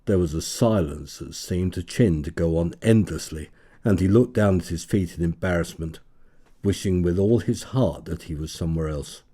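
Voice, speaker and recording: A man narrating a story in a calm, measured reading voice. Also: sits low, breathy edge.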